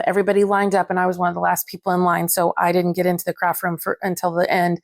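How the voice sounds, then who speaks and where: Woman craft vlogger, gushing and chatty, mid-range pitch, dry unechoed sound. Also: dry recording. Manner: gushing, excitable, chatty with many fillers. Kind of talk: casual unboxing chat to camera.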